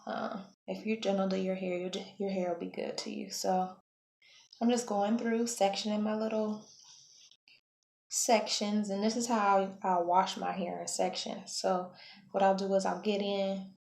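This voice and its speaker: A woman hair vlogger talking through her wash-day routine in a relaxed, chatty way, often correcting herself mid-sentence. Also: mid-range voice, unhurried, vocal fry. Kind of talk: casual how-to vlog. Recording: echoey room, faint background hum.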